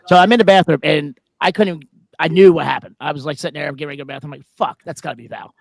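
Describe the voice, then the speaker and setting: A man co-hosting a podcast, telling a story in a laid-back way, swearing freely and often dropping low and quiet. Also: fairly even intonation, very fast, vocal fry, dry recording. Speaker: podcast co-host. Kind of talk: casual storytelling chat.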